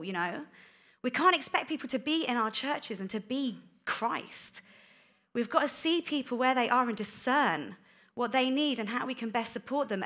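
A woman giving a candid sermon about her life, told as a chatty story with quick asides. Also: fairly high pitch, fairly bright tone. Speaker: guest speaker. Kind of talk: testimony sermon.

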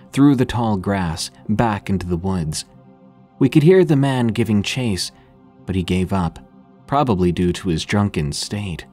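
A man narrating horror stories in a calm, measured, scripted reading. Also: low voice.

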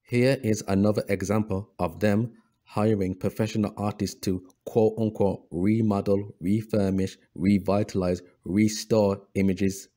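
Deep, dark-voiced man preaching over images. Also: level tone, a little slow. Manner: preachy, addresses listeners as brothers; repeats words, frequent fillers and restarts. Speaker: history video host.

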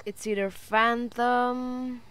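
High, bright woman streamer, slow delivery, nervous laughs and yelps during horror gameplay. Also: fairly even intonation, clear, resonant tone, no echo. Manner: nervous laughter and frightened cries. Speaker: gaming streamer. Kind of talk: live game commentary.

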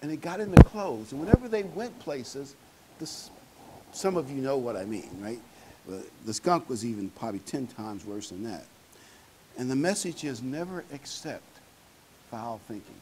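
A man's voice: medium pitch, animated, normal speed, a little mellow, a little hiss or hum, low-quality recording. A man preaching a sermon in a conversational, folksy way, with fillers and asides to the congregation.

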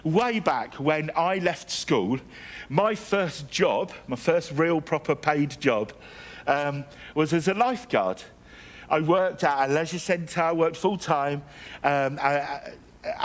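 A middle-aged man from England delivers a sermon with a slightly higher-pitched voice. He tells personal stories with a self-deprecating humour, often restarting his sentences as he goes. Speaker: guest preacher.

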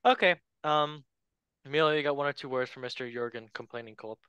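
A man's voice: medium pitch, a little fast, sharp tone, clear, resonant tone, no room sound, poor audio. A man hosting a casual football podcast, chatty and loose, handing the word to his co-hosts. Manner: chatty, loose, many fillers and asides. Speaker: podcast host. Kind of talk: casual chat.

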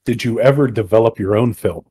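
A man's voice: medium pitch, brisk, mellow, breathy edge. An American man co-hosting a podcast, chatting casually and arguing in a playful, joking way. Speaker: podcast co-host. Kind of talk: casual chat.

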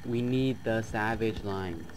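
A man playing a chat game on his channel, reading the messages aloud in a flat tone and breaking into loud, excited outbursts. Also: lowish voice, slow pace, loud music behind the voice. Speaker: gaming YouTuber. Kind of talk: let's play commentary, reading chat aloud.

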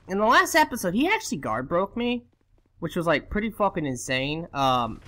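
A man talking over his own gameplay, cursing nonstop and yelling at the enemies on screen. His bright, edgy voice swings wildly up and down between muttered asides and sudden outbursts. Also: high voice, wildly swooping pitch, moderate pace. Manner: swears constantly, yelling at the game in frustration; laughs and shouts in sudden outbursts. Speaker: let's play commentator. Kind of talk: casual gameplay commentary.

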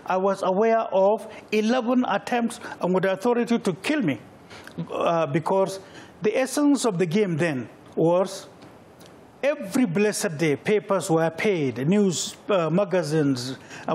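A man's voice: high-pitched, a little mellow, breathy edge. A middle-aged Nigerian man answering interview questions, emphatic and repeating phrases for weight. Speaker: political candidate, guest.

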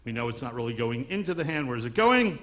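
A man's voice: mid-range voice, big pitch swings, quick pace, fairly bright tone, slight background noise. A man from Long Island doing a stand-up comedy magic act, wisecracking patter on stage before a live audience. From Long Island, New York.

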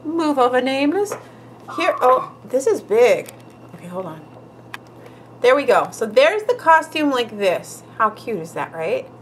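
A woman narrates a nail art tutorial in a relaxed, unhurried way. She chats and giggles as she works, and she sometimes trails off mid-sentence while concentrating. A faint background hum sits under her voice. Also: sits high. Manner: chatty and giggly, with frequent laughs.

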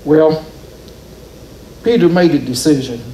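A man's voice: fairly high pitch, measured pace, dark tone, a little hiss or hum. A man preaching a sermon in a church, telling the story with rising and falling emphasis. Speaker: pastor. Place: church sanctuary. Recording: roomy church echo.

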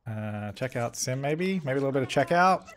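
A man hosting a gaming video, giving excitable let's play commentary, fretting aloud and talking at the characters on screen. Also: mid-range voice, brisk. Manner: excitable, frets aloud and talks at the game characters.

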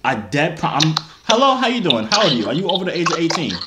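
Teasing young man, lively voice. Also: fairly high pitch, fast talker, roomy sound, very noisy. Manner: teasing, playful, slangy banter. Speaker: video host. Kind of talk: joking chat with strangers on a video app.

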